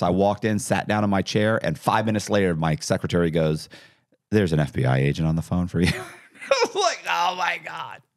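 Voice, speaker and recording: Deep-voiced man telling his story. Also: no echo, studio quality. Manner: animated, acts out quoted dialogue. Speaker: podcast guest. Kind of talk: casual storytelling interview.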